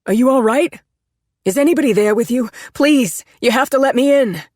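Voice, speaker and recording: A woman's voice: mid-range voice, normal speed, dry recording, clean studio sound, voice pushed up, lightly acted. A woman reading a desperate, pleading man. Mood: urgent. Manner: urgent, raised, pleading delivery.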